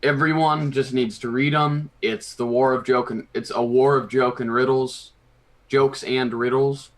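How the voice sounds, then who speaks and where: A man's voice: medium pitch, a little slow. Male co-host, laid-back and a bit unsure, mid-range voice, plenty of ums. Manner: relaxed, hesitant, full of ums. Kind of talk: casual chat.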